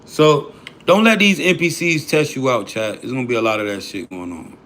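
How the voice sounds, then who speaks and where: A man's voice: mid-range voice, normal speed, a bit bright. A man hosting a livestream, talking loosely and profanely to his chat in disbelief. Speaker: livestream host.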